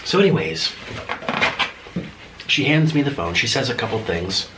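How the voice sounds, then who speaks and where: A man's voice: on the low side, fairly bright tone, a little hiss or hum, rough recording. A man telling a story in a casual vlog while eating noodles at home at night. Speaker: vlogger.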